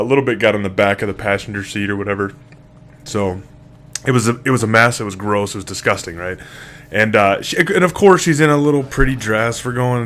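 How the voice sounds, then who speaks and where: A man's voice: fairly low pitch, fairly bright tone, slight background noise. A man casually telling a rambling story to camera, full of fillers, restarts and swearing. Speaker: single father vlogger.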